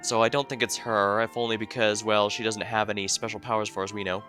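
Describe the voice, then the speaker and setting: A man's voice: fairly low pitch, flat delivery, fast talker. Male streamer thinking aloud over game music. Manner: reads game dialogue aloud, thinks out loud. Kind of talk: live game playthrough commentary.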